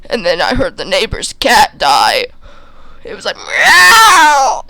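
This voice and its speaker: A man's voice: sits high, sing-song, normal speed, bright, forceful tone, no room sound. A man telling an absurd comic story in a rambling way, with many restarts. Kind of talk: comedic storytelling.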